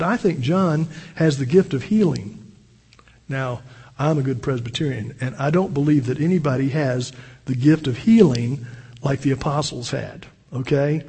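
Older man, pastor, earnest storytelling sermon; slightly high, husky voice; reverberant church hall. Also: darkish tone. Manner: earnest, storytelling, with repeated restarts.

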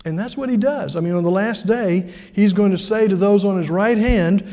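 Older guy preaching a sermon, chatty and folksy, highish voice, big echoey church. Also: normal speed, hardly any pauses, dark tone. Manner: conversational, folksy, with asides and rhetorical questions. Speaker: pastor. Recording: long reverb of a large hall.

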